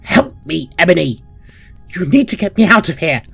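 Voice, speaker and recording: A stern old matron who lectures without mercy, voiced by a man running a tabletop game. Her words are harsh and strict, and soft music plays behind her. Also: fairly low pitch, steady tone, takes it slowly, breathy edge, full character voice. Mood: panicked. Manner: harsh, lecturing, pleading when trapped. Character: stern strict older woman, orphanage matron.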